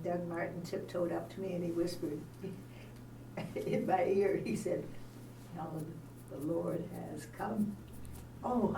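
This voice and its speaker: A woman's voice: fairly low pitch, vocal fry. An older woman from Canada in the audience, telling a personal story in a hesitant way with many ums and uhs. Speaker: audience member. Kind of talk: casual storytelling. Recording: roomy sound from far off, noisy.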